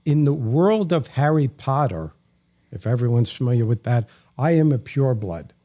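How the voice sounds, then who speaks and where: A man with a New York accent and a warm, mellow tone. He tells stories at a leisurely, chatty pace and slips in dry, wry jokes. He sits mid-range in pitch, relaxed and unhurried as a guest in a casual interview. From New York, Bronx.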